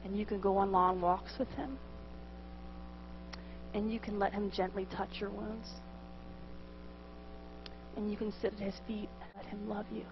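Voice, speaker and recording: A woman voicing a gentle, calm middle-aged male priest, speaking softly and slowly. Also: medium pitch, background noise, voice pushed down, natural voice. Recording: dull lo-fi live recording.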